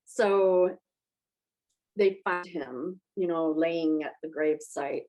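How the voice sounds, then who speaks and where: A woman's voice: lowish voice, slow, dark tone, rough recording. A woman on a movie podcast, chatty and emotional as she retells a film's plot. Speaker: podcast panelist. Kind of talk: casual movie discussion.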